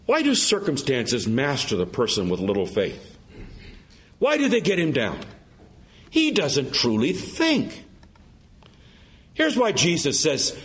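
Emphatic preacher man with lively pitch. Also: slow, pauses often. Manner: emphatic, rhetorical questions. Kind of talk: sermon.

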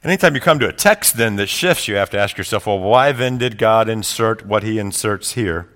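A man preaching a sermon who swells into loud, rousing passages and then drops to quiet, reflective asides. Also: on the low side, a little fast. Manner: builds to loud climaxes quoting speeches. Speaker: pastor.

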